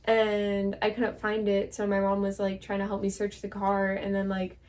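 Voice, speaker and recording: A woman's voice: mid-range voice, monotone, moderate pace, darkish tone. A young woman co-hosting a podcast, telling stories in casual chat with lots of fillers and laughter. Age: young adult. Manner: laughing storyteller, filler-heavy. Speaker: podcast co-host. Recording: distant mic with faint noise.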